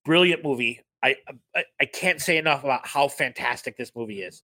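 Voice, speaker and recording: A man's voice: mid-range voice, brisk, sharp tone, dry recording. A man co-hosting a podcast, talking about movies with energy and plenty of swearing. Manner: enthusiastic, profane, quotes scenes in put-on voices. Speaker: podcast co-host. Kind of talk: casual film chat.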